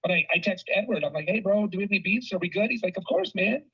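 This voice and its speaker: A man in casual conversation, animated and swearing casually, often saying bro. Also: high voice, fast talker, breathy edge, lo-fi sound. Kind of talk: casual phone chat.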